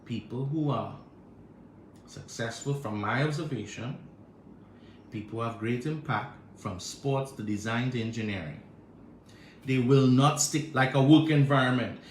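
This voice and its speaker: A man's voice: mid-range voice, unhurried, long pauses, slight background noise. A man preaching a sermon as pastor, building with repeated rhetorical questions and calling on the congregation to respond. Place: church sanctuary. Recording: echoey church room.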